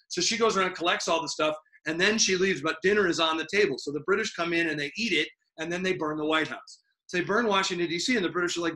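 High bright guy teaching history on a video call, jokey and rambly. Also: fast, few pauses. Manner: animated, joking, rambling. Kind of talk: online class lecture.

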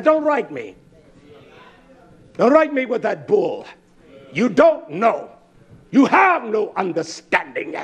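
Fiery high-voiced male preacher. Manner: confrontational, rhetorical questions, swings from loud to low. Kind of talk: fiery scripture sermon.

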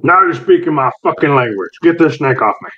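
A man puts on a rough small-town miner who drawls his insults and swears in every sentence. He sounds scornful and cocky, talking down to a kid he thinks is a fool. The recording is a little dull and muffled. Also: on the high side, lively intonation, brisk, slight background noise, lightly acted. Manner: swaggering, profane, drawling.

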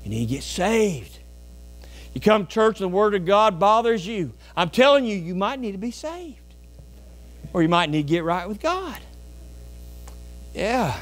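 Emphatic high-voiced preacher man. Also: animated, normal speed, pauses often. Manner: emphatic preaching with sudden loud bursts and storytelling asides. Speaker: pastor. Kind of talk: sermon. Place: church sanctuary.

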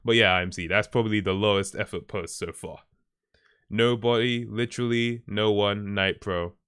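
A man's voice: on the low side, fairly even intonation, normal speed, a bit bright, clean tone. A man livestreaming who chats casually with his viewers, laid-back and often chuckling as he reacts to their posts. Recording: stream with faint background music.

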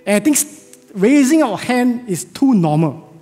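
High-voiced pastor preaching. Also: male voice, very animated, a little slow. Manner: earnest, emphatic rhetorical questions. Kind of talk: sermon. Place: church sanctuary. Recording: echoey church hall with soft music.

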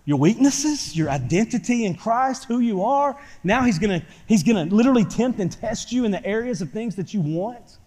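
A pastor preaching a sermon to his church, swinging from quiet talk to loud shouting. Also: high voice, animated, moderate pace, few pauses. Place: church sanctuary. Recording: church hall reverb.

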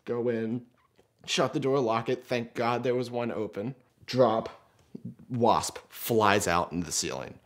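A young man recounts a painful mishap in a relaxed, conversational way. He mocks himself and slips into the voices of the people in his story, jumping higher when he quotes them. His voice sits at an ordinary middle pitch for a man. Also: a little slow. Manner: animated, self-mocking, acts out quoted lines. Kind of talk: casual storytelling.

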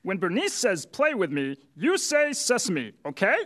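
A man's voice: sits high, very animated, a little slow, fairly bright tone, soft background music, exaggerated voice. A man voicing a fussy, prim grown-up puppet who talks in a patient, mildly exasperated way. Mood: explaining.

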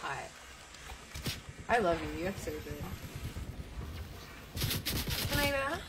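A woman's voice: on the low side, very animated, slow pace, very noisy. A young woman streaming a game, chatting casually, reading out viewer comments and swearing freely. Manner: chatty, swears freely, jumps between topics. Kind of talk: casual chat while gaming and reading out comments.

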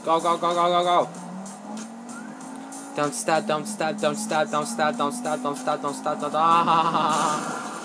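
A man giving casual let's play commentary, excitable and profane, yelling at the game. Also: fairly high pitch, slow, pauses often. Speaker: gameplay commentator. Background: game music.

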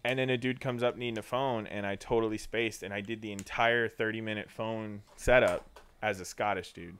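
A man's voice: lowish voice, fairly even intonation, moderate pace, fairly bright tone, smooth. A young man in casual chat, telling work stories with frequent laughs. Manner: storytelling, laughs often, does voices.

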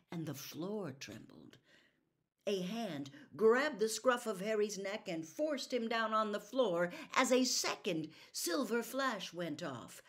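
Expressive woman reading a storybook. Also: medium pitch. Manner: expressive, soft-spoken character reading. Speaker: audiobook reader.

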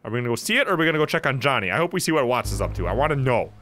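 A man giving casual let's play commentary, animated and reading game lines aloud at a desk mic. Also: mid-range voice, racing.

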